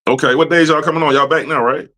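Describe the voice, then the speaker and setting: A man's voice: a little high, fairly even intonation, fast talker, pushed and bright. A man hosting a podcast, talking loosely with lots of slang and profanity. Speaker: podcast host. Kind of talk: casual podcast chat.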